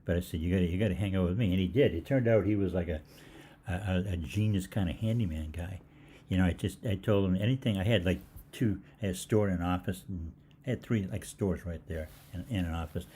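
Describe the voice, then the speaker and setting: An older man hosts a live question-and-answer stream, telling loose, meandering stories full of "uh" and restarts. His voice sits low and relaxed. A faint background hiss runs under the desk mic. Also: quick pace. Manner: rambling anecdotal, many fillers and restarts. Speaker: holistic health host. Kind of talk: live Q&A storytelling.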